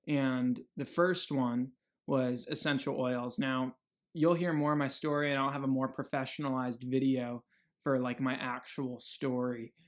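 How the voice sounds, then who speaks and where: A young man talking earnestly in a casual video diary, rambling with many fillers and restarts. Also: medium pitch. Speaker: health vlogger.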